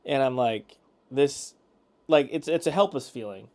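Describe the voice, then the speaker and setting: A man's voice: mid-range voice, measured pace, darkish tone. Man chatting casually on a podcast. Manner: chatty, retelling events with quoted asides. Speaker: podcast co-host. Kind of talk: casual chat.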